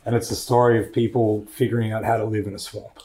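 History podcast co-host, warm voice, explains while thinking aloud. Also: male voice, on the low side, little pitch movement, fast, a little hiss or hum. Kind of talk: casual chat.

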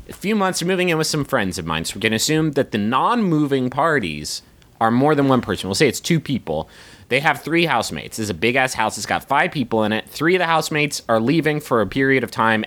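Exasperated swearing man, lively pitch. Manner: exasperated, rambling, swears often. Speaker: podcast co-host. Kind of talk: casual comedic chat.

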